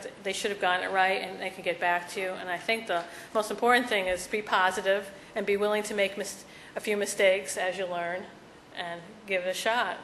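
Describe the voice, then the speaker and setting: Halting woman presenter in an echoey room. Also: medium pitch, fairly bright tone, slight background noise. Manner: halting, with many restarts and fillers. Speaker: conference presenter. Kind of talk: conference presentation. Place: conference session room.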